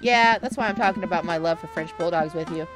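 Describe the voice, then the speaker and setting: A woman's voice: on the low side, quick pace, over music, close to an everyday voice. A woman voicing a playful, sarcastic teenage girl who deflects with jokes. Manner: teasing, deflecting.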